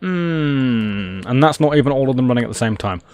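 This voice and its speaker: A man's voice: medium pitch, expressive, normal speed, darkish tone. A man streaming a game, rambling and self-mocking as he talks to himself while he plays. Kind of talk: casual gameplay commentary.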